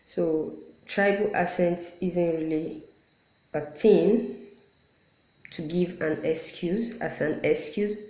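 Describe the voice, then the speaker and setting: A woman teaching Quran letter pronunciation patiently, repeating each sound to demonstrate and pausing to apologize. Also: lowish voice, warm tone. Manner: apologetic asides. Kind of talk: explanatory lesson. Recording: roomy echo.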